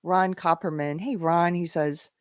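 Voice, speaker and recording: A woman's voice: on the low side, steady tone, measured pace, clear, resonant tone, no room sound, clean studio sound. Chatty woman host reading viewer chat. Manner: casual, chatty, laughs often. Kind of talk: live-stream talk show, reading viewer chat.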